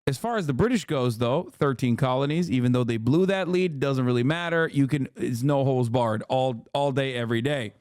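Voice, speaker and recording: A man hosting a livestream, reacting to clips with blunt, profane, rapid-fire ranting. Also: medium pitch, a little mellow, no echo, clean studio sound. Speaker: livestream host. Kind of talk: streamer commentary.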